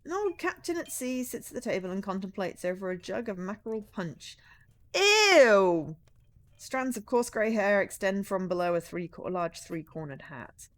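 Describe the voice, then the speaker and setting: A woman, streaming and reading a narrative game aloud, chatty and animated with joking asides. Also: medium pitch, normal speed.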